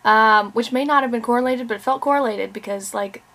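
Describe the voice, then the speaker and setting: A woman's voice: a little high, fairly quick, a bit bright. A young adult woman, an author, chatting candidly at home in a rambling vlog with many fillers and restarts. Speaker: author and vlogger. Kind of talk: casual vlog chat.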